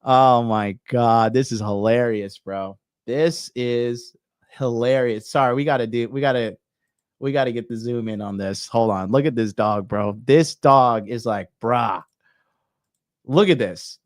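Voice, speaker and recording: A man hosting a reaction commentary show, talking in a slangy, animated way with lots of swearing and laughing. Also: mid-range voice, a little slow, dry recording, studio quality. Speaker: dating commentary host.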